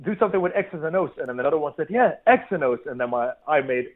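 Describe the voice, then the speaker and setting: A man from Belgium with a Flemish accent, Dutch his first language, joining a sports podcast as a guest and talking eagerly with halting restarts. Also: fairly high pitch, lively intonation. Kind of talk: casual sports podcast chat. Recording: tinny phone-like line.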